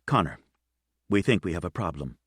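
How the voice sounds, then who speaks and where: A man voicing a calm woman captain. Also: on the low side, moderate pace, no room sound, clean studio sound. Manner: quiet, kind and steady. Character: calm female airline captain, patient.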